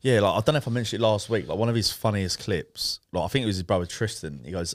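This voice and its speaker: A young man co-hosting a podcast in casual, laid-back and sweary banter with quick asides. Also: lowish voice, no echo, studio quality. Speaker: podcast co-host.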